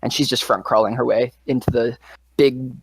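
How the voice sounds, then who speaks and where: A man's voice: mid-range voice, steady tone, normal speed, vocal fry, a little hiss or hum. A man running a tabletop game as game master, narrating scenes vividly with loose fillers.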